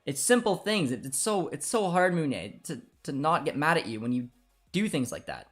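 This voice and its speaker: A young man streams a live football watchalong, talking straight to his chat. His voice sits a little high, and he swings between cheering, laughing and grumbling at the referee. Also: moderate pace, soft background music. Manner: excitable, shouts and laughs at goals, groans at calls.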